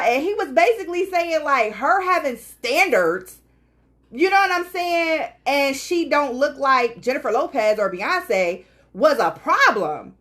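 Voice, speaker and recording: Animated woman with lively pitch. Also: unhurried. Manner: animated storytelling, quotes others with voices, laughs often. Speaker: podcast co-host. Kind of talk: casual chat.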